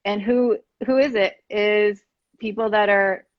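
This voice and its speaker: A woman's voice: medium pitch, fairly even intonation, measured pace, dry recording. Earnest rambling woman, muffled dry sound. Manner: earnest, rambling, many fillers. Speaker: podcast host. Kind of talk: casual conversation.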